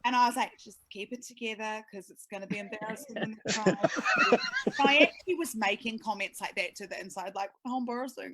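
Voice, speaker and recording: A woman, a sports broadcaster telling a lively story in casual podcast chat and acting out quotes. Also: mid-range voice, brisk, over a noisy crowd. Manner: animated storytelling, acts out quotes.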